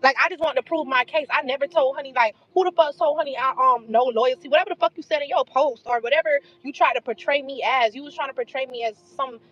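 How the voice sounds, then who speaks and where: High-pitched woman on a muffled phone call, cussing, calling people out. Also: quick pace, few pauses. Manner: blunt, confrontational, profane. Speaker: group call organizer. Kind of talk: heated phone call argument.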